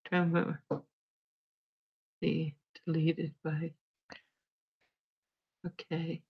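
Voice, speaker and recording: A woman's voice: sits low, monotone, very slow, breathy edge, lo-fi sound. A woman hosting a casual livestream, chatting with viewers by name and telling stories. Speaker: livestream host.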